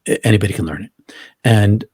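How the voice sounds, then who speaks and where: Husky middle-aged man telling his story. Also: lowish voice, fairly quick, darkish tone, dry recording, studio quality. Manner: earnest, vivid retelling with frequent restarts. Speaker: guest. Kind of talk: personal storytelling in an interview.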